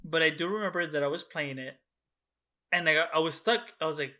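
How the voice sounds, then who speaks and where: A young man co-hosting a podcast over a video call, telling stories excitedly and swearing often. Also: fairly high pitch, quick pace. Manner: excitable, swears a lot, animated storytelling. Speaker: podcast co-host. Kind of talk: casual chat.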